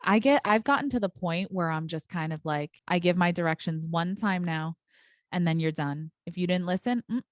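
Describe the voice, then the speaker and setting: A young woman teacher co-hosting a casual podcast, with a slightly low-pitched voice. She speaks frankly and with emphasis, dropping quick asides. The recording is dry and close. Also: no room sound. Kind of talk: casual chat.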